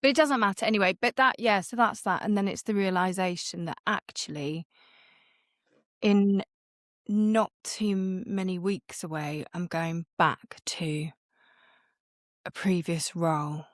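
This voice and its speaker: A woman's voice: lowish voice, steady tone, measured pace, a bit bright, dry recording, studio quality. A middle-aged woman co-hosting a podcast as the mother, chatting casually and laughing at herself. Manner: chatty, self-mocking, laughs often. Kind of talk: casual chat.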